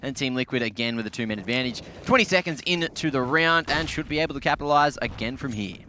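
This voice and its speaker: A man calling fast, excitable play-by-play for an esports match, with game noise behind him. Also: mid-range voice. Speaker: play-by-play caster. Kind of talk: esports commentary. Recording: noisy broadcast mix.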